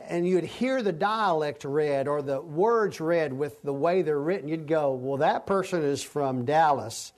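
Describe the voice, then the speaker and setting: A man's voice: high voice, a little mellow. A man teaching a Bible study lecture in a conversational way, often restarting his sentences.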